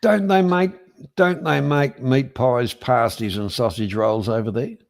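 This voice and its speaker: A man hosting a casual chat, teasing his guest and talking in halting restarts. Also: mid-range voice, vocal fry. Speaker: host.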